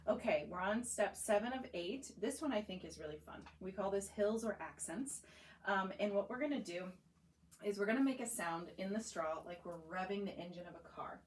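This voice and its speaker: A woman's voice: medium pitch, lively intonation, a little fast, reverberant, slight background noise, poor audio. A young woman working as a voice clinician, patiently guiding a client through voice exercises step by step with encouragement. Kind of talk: guiding a voice therapy session. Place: clinic room.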